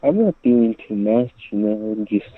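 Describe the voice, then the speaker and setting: A man calling into a sports talk show who talks quietly in a mellow, slow way. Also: on the low side, lively intonation, narrow, tinny audio. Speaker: caller.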